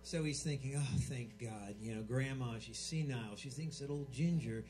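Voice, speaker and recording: A man doing stand-up, telling dirty jokes in a rambling, stumbling way with loud punchlines, live in a small club. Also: mid-range voice, moderate pace, faint music behind. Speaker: stand-up comic.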